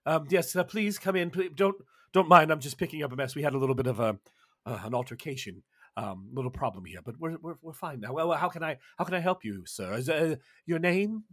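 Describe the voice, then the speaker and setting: A man's voice: fairly high pitch, animated, fairly quick, dry recording, studio quality. A man playing a stammering, flustered shopkeeper. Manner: stammering, nervous, fawning. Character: flustered heavyset male shopkeeper.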